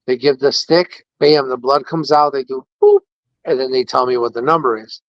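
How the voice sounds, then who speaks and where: A man casually telling an animated, indignant story about a care-facility visit, quoting the people involved. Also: medium pitch, fairly quick, dry recording. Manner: animated, indignant retelling with quoted dialogue. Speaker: podcast host. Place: patient room in a care facility. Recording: dull, dry lo-fi audio.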